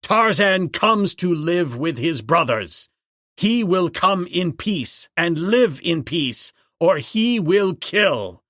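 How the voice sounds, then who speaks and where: A man voicing a proud, commanding jungle hero who declaims his challenges slowly in an audiobook. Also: sits high, big pitch swings, fairly bright tone, no room sound, clean studio sound, heavily acted. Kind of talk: audiobook narration.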